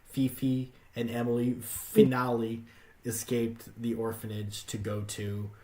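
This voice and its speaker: A man's voice: medium pitch, monotone, unhurried, dark tone. A man casually reading a story aloud as a podcast host, with swearing and laughing asides.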